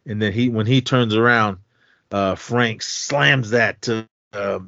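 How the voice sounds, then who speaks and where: A man with a low, gravelly voice, pushed and bright, co-hosts a podcast and casually retells a horror film scene by scene, briefly acting out characters' lines. The podcast audio is dull and dry, with no echo.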